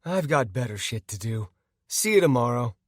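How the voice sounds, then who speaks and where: A man's voice: medium pitch, very animated, moderate pace, dry recording. A blunt young woman brushes things off in short, disgusted remarks, as a male narrator voices her. The voice stays close to his own, with only a slight lift. The sound is dry and close. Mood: curt. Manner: disgusted, curt.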